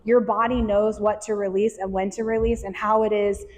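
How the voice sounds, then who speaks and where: A woman hosting a candid talk with a live group, earnest and animated as she explains breath work. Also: medium pitch, moderate pace, in a large hall, rough recording. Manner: earnest, animated, acts out inner voices. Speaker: podcast host and breath work facilitator. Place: room with a small audience.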